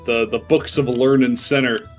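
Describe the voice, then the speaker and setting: A man's voice: mid-range voice, fairly even intonation, normal speed, music in the background. A man narrating as game master of a tabletop game, chatty, with many fillers and frequent laughs.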